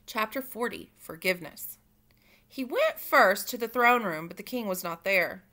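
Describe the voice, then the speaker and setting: A woman reading a children's book aloud, expressive and pausing for asides to her listeners. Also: mid-range voice. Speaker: reader. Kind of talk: storybook read-aloud for children.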